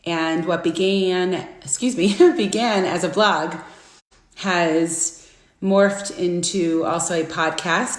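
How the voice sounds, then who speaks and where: A middle-aged woman hosting a casual live stream, chatty and friendly, greeting viewers by name with bursts of excitement. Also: mid-range voice, slow. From Florida. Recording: echoey room.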